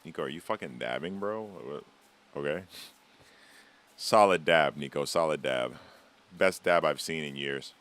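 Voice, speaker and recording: A man with a low, deep voice talks casually to his chat while he plays a game on a live stream. His talk rambles and teases, with easy swearing throughout. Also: unhurried, long pauses, fairly bright tone, a little hiss or hum.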